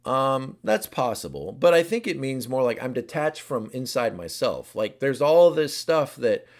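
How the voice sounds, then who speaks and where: A man's voice: medium pitch, very animated, a little slow. A man, a relationship coach, giving an informal teaching talk and speaking in the first person for each personality type.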